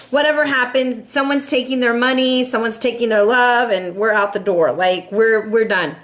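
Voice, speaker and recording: Sassy high-voiced woman reading tarot. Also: normal speed, hardly any pauses. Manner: animated and sassy, laughs often, playful. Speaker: tarot reader.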